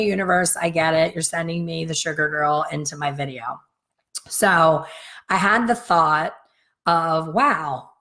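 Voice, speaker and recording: A middle-aged woman with a slightly raspy voice tells a long, rambling story straight to her viewers. She talks casually and acts out the lines of the people in her story. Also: sits low, fairly bright tone. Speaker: hair colorist and business coach. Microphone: facing camera, talking straight to viewers.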